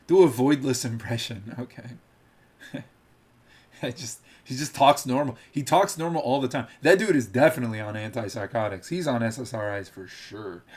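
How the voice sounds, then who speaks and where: A man's voice: medium pitch, animated, normal speed, a little mellow, husky. Rambling, mocking male streamer. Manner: rambling, laughing, mocking impressions. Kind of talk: live-stream commentary.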